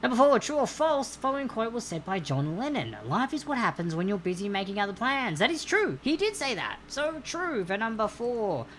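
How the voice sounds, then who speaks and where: Bright, upbeat trivia host woman. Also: a little high, big pitch swings, fairly quick, hardly any pauses, slight background noise. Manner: upbeat, chatty, greets viewers while reading answers. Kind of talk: live-stream trivia hosting.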